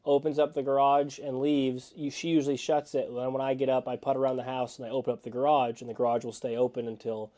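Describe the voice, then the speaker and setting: A podcast co-host chimes in casually, adding short asides to a shared story. The voice is warm and mellow in tone, with pitch in the middle range. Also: flat delivery, fast, few pauses. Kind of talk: casual chat. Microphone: studio podcast mic.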